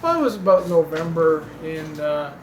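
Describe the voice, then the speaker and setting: A man's voice: fairly high pitch, lively intonation, normal speed, crowd noise. A man who owns the shop, chatting about it in an easygoing, plain-spoken way. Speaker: shop owner. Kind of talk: casual conversation. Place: shop indoors. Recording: roomy shop with faint noise.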